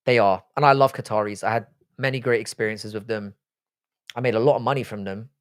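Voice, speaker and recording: A man's voice: fairly low pitch, fairly even intonation, fast talker, clear, resonant tone, no echo, studio quality. Offhand, foul-mouthed male livestream host. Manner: profane, offhand, reading chat messages aloud and replying. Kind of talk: casual livestream chat.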